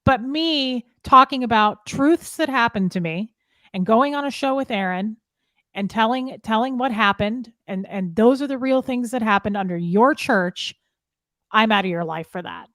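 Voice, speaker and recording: A middle-aged woman telling a painful personal story, upset and halting, often restarting her sentences. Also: a little high, a bit bright, dry recording, studio quality. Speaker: guest sharing her story. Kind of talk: emotional personal account.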